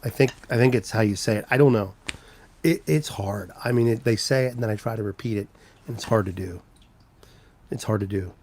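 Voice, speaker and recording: A man's voice: fairly low pitch, a little fast, a little mellow. A man hosting a casual live stream, rambling as he greets viewers by name and walks around his home with a handheld camera. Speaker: livestream host.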